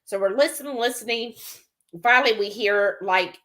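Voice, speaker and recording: Higher-voiced chatty woman host. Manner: chatty storyteller, quick animated asides. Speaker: livestream cooking host. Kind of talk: casual chat, reading viewer comments aloud.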